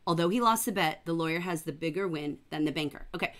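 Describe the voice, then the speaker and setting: A middle-aged woman leads a livestreamed writing lesson. Her voice sits a little low, and she sounds warm and encouraging. She picks up her students' sentences with real enthusiasm. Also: fast talker. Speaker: teacher.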